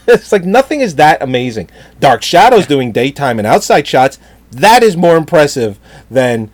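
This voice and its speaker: Man, middle-aged, ranting storyteller with a swinging pitch, exasperated and swearing. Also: normal speed, dry recording. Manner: animated, exasperated, swears often, laughs at own story. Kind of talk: casual chat, storytelling rant.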